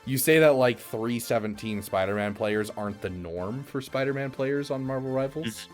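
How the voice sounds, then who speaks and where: A man co-hosting a casual gaming podcast, talking in halting bits with many restarts and fillers. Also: medium pitch, faint music behind. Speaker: co-host.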